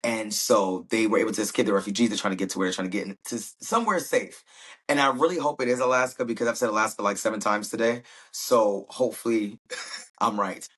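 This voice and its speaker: Husky-voiced man recapping a show. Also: fairly low pitch, fast talker, a bit bright. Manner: chatty, slangy, acts out quotes. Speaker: podcast host. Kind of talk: casual TV episode recap.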